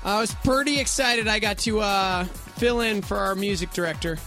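A man's voice: high voice, normal speed, sharp tone, faint music behind. A man hosting a morning radio show, joking and laughing often in casual banter. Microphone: studio mic.

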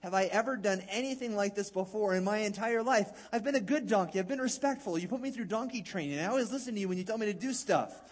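A man's voice: high-pitched, fast, hardly any pauses, long reverb tail, voice pushed up. A man voicing an indignant male talking donkey that pleads its case in a raised voice. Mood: pleading.

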